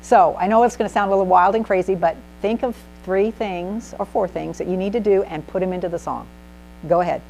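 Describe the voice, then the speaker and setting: A woman giving an animated, emphatic presentation to a small group in a meeting room, asking the audience questions as she teaches. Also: mid-range voice, fairly quick, vocal fry, a little hiss or hum, poor audio. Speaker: speaker at a speaking club. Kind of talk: instructive presentation.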